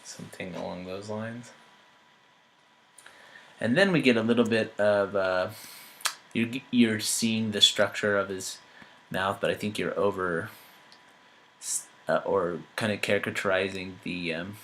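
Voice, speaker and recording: A man giving an art critique, talking through changes thoughtfully with many pauses, fillers and restarts. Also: lowish voice, steady tone, fairly bright tone, slight background noise, rough recording. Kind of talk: painting critique while editing on screen.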